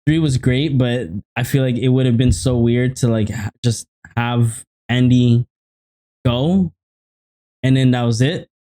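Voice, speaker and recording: A man's voice: medium pitch, unhurried. A man co-hosting a casual podcast, chatting in a loose, rambling way. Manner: relaxed, rambling, full of fillers and restarts. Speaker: podcast co-host. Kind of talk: casual chat.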